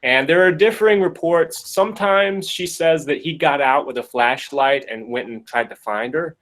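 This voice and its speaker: A man's voice: on the high side, moderate pace, rough recording. Jokey man telling a story. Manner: jokey, animated, acts out quotes. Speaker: podcast host. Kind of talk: casual storytelling.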